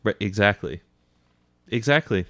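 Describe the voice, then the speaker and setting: Young male co-host, very deep voice; dry, teasing, laid-back storyteller. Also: lively intonation, measured pace, a bit bright, no echo. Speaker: podcast co-host. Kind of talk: casual chat, recounting news stories.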